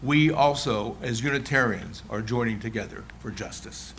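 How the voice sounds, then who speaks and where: A man introducing the choir's song during a church service, in a relaxed, explanatory way. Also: mid-range voice, moderate pace, gravelly, background noise. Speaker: worship leader. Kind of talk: service announcements. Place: church sanctuary.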